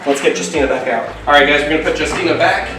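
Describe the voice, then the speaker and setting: A man's voice: on the high side, rapid-fire, far from the mic, heavy background noise. Enthusiastic man coaxing animals in echoey room. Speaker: reptile keeper and show host. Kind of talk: casual vlog narration.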